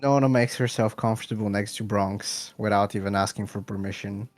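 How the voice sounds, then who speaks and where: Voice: sits low, steady tone, fairly quick, dry recording. A player in a tabletop role-playing game, narrating their character's actions in the third person.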